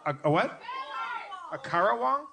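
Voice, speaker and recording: Stammering high-voiced comedy co-host. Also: male voice, sing-song, moderate pace, gravelly. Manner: stammering restarts, profane. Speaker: podcast co-host. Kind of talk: live comedy podcast banter. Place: live stage before an audience. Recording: live show with audience noise.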